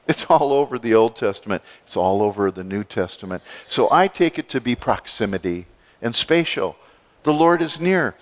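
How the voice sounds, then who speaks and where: A male pastor preaching a sermon, expressive, moving between soft, low passages and emphatic lifts. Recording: long hall reverb.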